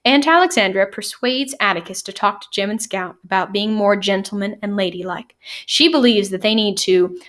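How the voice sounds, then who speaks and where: A woman teacher explaining and summarizing novel chapters in a conversational way. She enunciates clearly and leans on frequent "um" and "you know" fillers. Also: medium pitch, normal speed, fairly bright tone. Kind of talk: casual classroom lecture and chapter summary.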